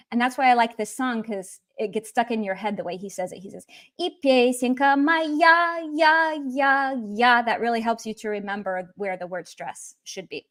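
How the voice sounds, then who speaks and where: An English-speaking woman teaching Russian in a casual livestream lesson. She keeps it humorous and lighthearted and moves between English and Russian. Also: medium pitch.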